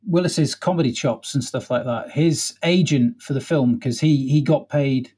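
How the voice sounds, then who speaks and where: A man co-hosting a film podcast, retelling behind-the-scenes stories in a lively, chatty way. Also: mid-range voice, normal speed, slightly rough. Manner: animated storyteller, hums music cues. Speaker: podcast co-host. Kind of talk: casual film discussion.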